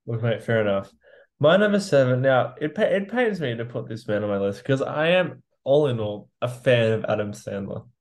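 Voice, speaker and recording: A man's voice: mid-range voice, lively intonation, normal speed. An easygoing man co-hosting a casual movie-review podcast. His voice sits in a medium, everyday register. He fills his speech with "like" as he talks loosely through his picks. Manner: easygoing, filler-heavy, says "like" constantly. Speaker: podcast co-host.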